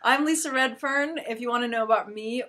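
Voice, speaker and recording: Woman, host, higher voice, chatty, enthusiastic, casual conversation. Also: a little fast, pushed and bright, a little hiss or hum. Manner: chatty, laughs often, enthusiastic. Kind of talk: casual chat.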